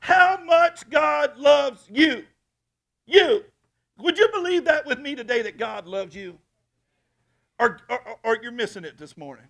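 Gravelly high-voiced man preaching a sermon. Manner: emphatic preaching, swings from soft to shouting. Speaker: pastor. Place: church.

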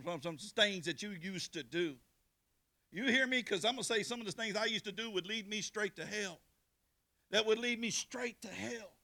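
A man preaching a testimony, calling out to listeners by name and swinging from loud preaching to hushed storytelling. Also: sits high, normal speed. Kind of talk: sermon testimony.

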